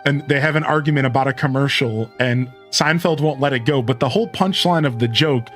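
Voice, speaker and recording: A man's voice: medium pitch, brisk, a bit bright, faint music behind. A young man streaming a game, chatting casually and retelling a story with lots of fillers. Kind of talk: casual chat while playing.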